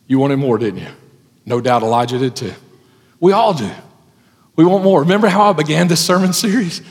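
A man preaching a sermon as pastor, folksy in his wording, swinging from loud exhortation to hushed tones. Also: fairly high pitch, lively intonation, a little fast. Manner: folksy, says ain't and gotta. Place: church sanctuary. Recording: long hall reverb.

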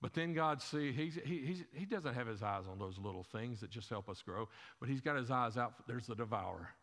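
A medium-pitched, somewhat bright male voice preaches with animation at a fairly quick clip. The pastor speaks conversationally in his church sanctuary, throwing rhetorical questions at the congregation, with frequent repeats and fillers, and the room carries a long hall reverb.

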